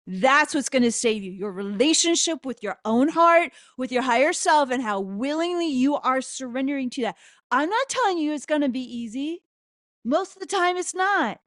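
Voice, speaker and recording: A woman spiritual teacher giving an impassioned spoken prayer, loud and fervent into a close microphone, swearing for emphasis. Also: sits high, lively intonation, measured pace, no room sound.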